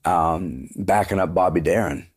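A man, a singer, chatting casually in an interview, telling animated stories with plenty of "like" and "dude" and the odd swear word. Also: low-pitched, a little slow, breathy edge. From Canada. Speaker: guest singer.

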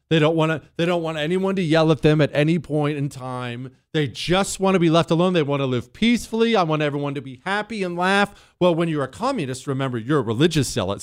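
A man hosting a political commentary show, talking in an emphatic, sarcastic, repetitive way. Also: mid-range voice. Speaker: show host.

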